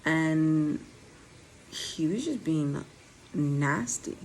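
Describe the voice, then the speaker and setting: A woman's voice: sits low, lively intonation, extremely slow, darkish tone, a little hiss or hum, low-quality recording. A young woman with a slight lisp, telling her own story candidly to viewers in a casual vlog. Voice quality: slight lisp from dental aligners. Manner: candid, conversational, direct to viewers. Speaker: vlogger.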